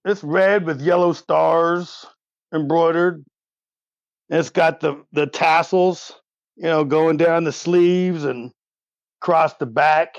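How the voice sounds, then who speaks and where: A man's voice: a little high, fairly even intonation, slow, no echo. A man in his forties narrating as game master in a laid-back, chuckling way. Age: 40s. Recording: dull, lo-fi sound.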